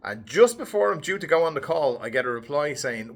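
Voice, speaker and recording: A man, a headshot photographer, casually telling a story straight to camera with a lively, bouncy delivery. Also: fairly quick, hardly any pauses. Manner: animated, lively, pitch swinging up and down.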